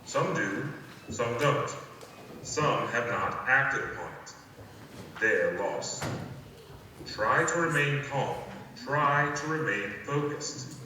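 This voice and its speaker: A man playing a calm, secretive guide who gives measured, deliberate instructions in a scripted audio play. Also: medium pitch, slight background noise, heavily acted. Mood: calm, instructive. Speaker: phone play narrator. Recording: echoey hall, voice from far off, faint ambience.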